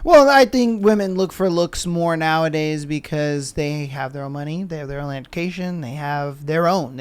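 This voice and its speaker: A man's voice: high voice, smooth. A man hosting a podcast, arguing his point emphatically with rhetorical questions. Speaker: podcast host. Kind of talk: casual podcast commentary.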